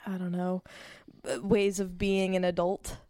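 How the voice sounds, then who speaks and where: A woman talking casually and reflectively about music and songwriting, thinking out loud. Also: lowish voice, level tone, measured pace, no room sound, clean studio sound. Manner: reflective, thinks aloud with restarts.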